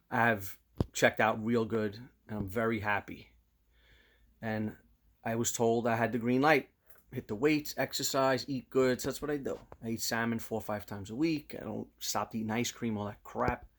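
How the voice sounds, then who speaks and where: A man, chatting casually to camera as a vlogger and telling stories in an animated way. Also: lowish voice. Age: 50s. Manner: animated storyteller, slips into loud quoted voices.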